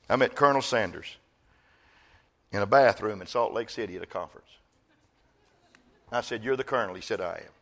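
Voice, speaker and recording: An older man, a grandfather, preaching a sermon as pastor, swinging from loud exhortation to soft, slow storytelling. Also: lowish voice.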